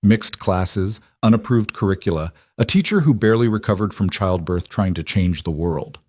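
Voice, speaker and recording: A man voicing a skeptical older male committee leader who speaks slowly and earnestly. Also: deep voice, animated, a little mellow, no room sound, clean studio sound. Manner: slow, measured, earnest.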